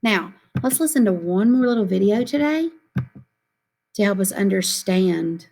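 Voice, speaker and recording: A woman teacher leading a phonics lesson for young children, speaking slowly and clearly and repeating questions for the kids to echo. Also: medium pitch, lively intonation, a little mellow.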